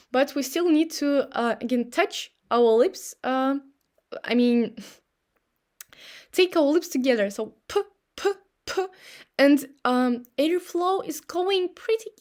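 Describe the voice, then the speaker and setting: A young woman with a Russian accent gives a pronunciation lesson in a high, bright register. She takes her time, demonstrating each sound and syllable slowly so learners can echo her. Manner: slow, demonstrative, models sounds and syllables for repetition. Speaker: language teacher.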